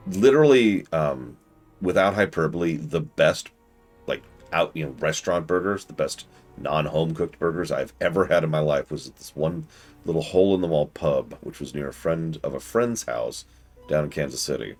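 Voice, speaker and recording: Chatty male streamer, bass-deep with a lively swing; talks through the game and answers viewers. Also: moderate pace, soft background music. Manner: thinks aloud, chatty, answers chat. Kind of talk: casual gameplay commentary.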